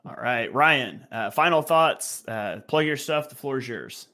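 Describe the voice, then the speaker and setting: A man's voice: mid-range voice, expressive, unhurried, pushed and bright. A man hosting a casual sports podcast panel over a remote call, laughing often and steering the talk. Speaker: podcast host.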